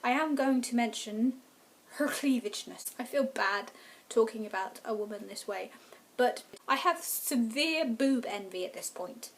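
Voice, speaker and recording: Woman, vlogger, enthusiastic, casual review chat, slightly high voice. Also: animated, measured pace, a little hiss or hum. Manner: enthusiastic, gushing fan talk. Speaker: book vlogger.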